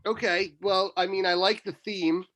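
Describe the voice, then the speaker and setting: A laid-back podcast co-host chats casually. His voice sits fairly high. The recording is dry and close. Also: fairly even intonation, moderate pace, a bit bright, no echo. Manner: laid-back, with many fillers. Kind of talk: casual chat.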